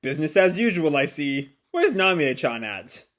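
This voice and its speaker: Nosy neighborhood customer, chatty, read by a man in a slightly high voice. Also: sing-song, normal speed, fairly bright tone.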